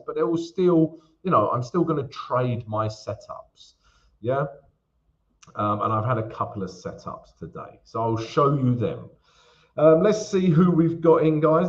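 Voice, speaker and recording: A man's voice: on the high side, dull audio. A man hosting a casual live-stream Q&A about trading, chatty and greeting viewers by name, calling them guys and mate.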